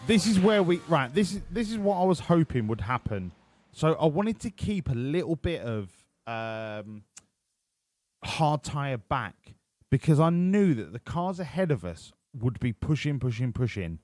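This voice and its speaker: Swearing man with lively delivery. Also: fairly high pitch, a little slow, no echo, clean studio sound. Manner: profane, rambling banter. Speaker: game streamer. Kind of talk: casual live-stream commentary. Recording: with game music behind.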